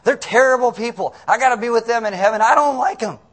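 A man's voice: medium pitch, animated, fast talker, lightly acted. A man voicing the prophet Jonah as an angry, petulant grown man who rants and whines about people he can't stand. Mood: ranting. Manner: ranting, whiny complaints.

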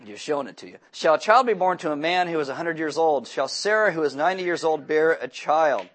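A man preaching a sermon as pastor, reading scripture and acting out the voices of its figures with lively, joking asides. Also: fairly high pitch, fairly quick. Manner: animated, acts out voices of biblical figures.

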